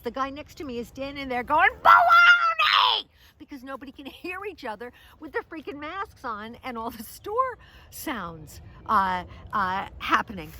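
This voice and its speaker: Middle-aged american woman, rambling casual vlog, bright forceful voice, faint outdoor park noise. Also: high-pitched. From United States. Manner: rambling, self-deprecating, many fillers and restarts. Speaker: vlogger, comedian.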